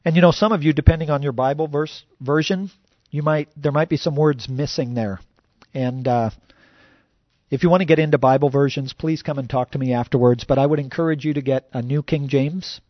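A man's voice: on the high side, steady tone, fairly quick, no room sound, lo-fi sound. A man preaching a sermon as a pastor, conversational and full of "you know" fillers.

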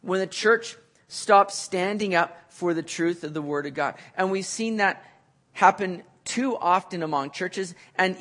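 High-voiced male preacher, earnest. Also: fairly bright tone. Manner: earnest, rising to emphatic peaks then dropping low. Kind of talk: sermon.

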